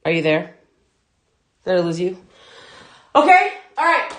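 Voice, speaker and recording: A woman's voice: lowish voice, big pitch swings, measured pace, fairly bright tone, far from the mic. A young adult woman leading a live workout class, chatting to viewers in a casual, laughing way. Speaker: fitness instructor. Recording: very echoey room, voice from afar.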